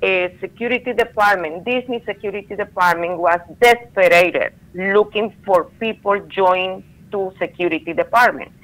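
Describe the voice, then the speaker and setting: A middle-aged woman with a strong foreign accent, speaking earnestly in halting non-native English as a guest on a radio interview. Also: mid-range voice, fairly bright tone, low-quality recording. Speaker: guest telling a personal story.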